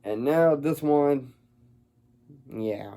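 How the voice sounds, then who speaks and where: A man's voice: a little high, extremely slow, mellow. A man giving a casual film review, rambling and stumbling over his words.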